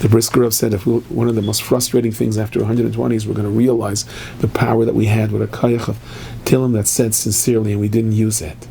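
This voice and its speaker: Gravelly older man preaching with passion. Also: little pitch movement, fast, mellow, a little hiss or hum. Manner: impassioned, with sudden rises in pitch. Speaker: speaker at a prayer gathering. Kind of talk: sermon and psalm recitation.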